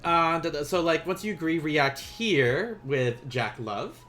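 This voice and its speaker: A man's voice: a little high, lively intonation, unhurried, a bit bright. A young man teaching a casual beginners' language lesson on a live stream, playful and chatty, often laughing at his own asides.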